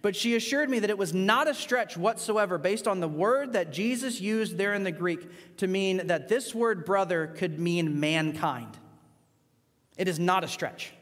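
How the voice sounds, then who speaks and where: Male pastor with a high voice, preaching emphatically in a reverberant church hall. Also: a little slow. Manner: emphatic, swings between loud rising points and quiet asides. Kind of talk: sermon.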